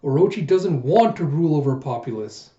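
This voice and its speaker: Brief: man doing a fierce woman ninja, forceful, mellow tone, muffled audio. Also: a little high, animated, fairly quick, close to an everyday voice. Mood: indignant. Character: fierce loyal female kunoichi, indignant. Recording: muffled echoey room recording.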